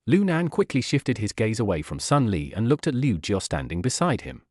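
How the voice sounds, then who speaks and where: A man reading a web novel aloud as a narrator, at an even, steady pace with little change between characters. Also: fairly low pitch, moderate pace, no room sound, clean studio sound.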